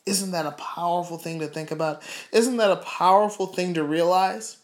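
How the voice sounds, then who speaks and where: Fervent male preacher, high voice, emphatic repeats, roomy echo. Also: steady tone, moderate pace. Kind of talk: sermon with closing prayer.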